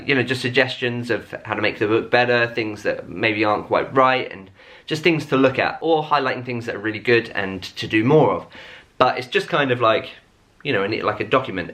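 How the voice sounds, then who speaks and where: A man's voice: lowish voice, pushed and bright. A man in his thirties chatting to camera at home, rambling and self-mocking with lots of fillers. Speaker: vlogger. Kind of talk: casual chat to camera.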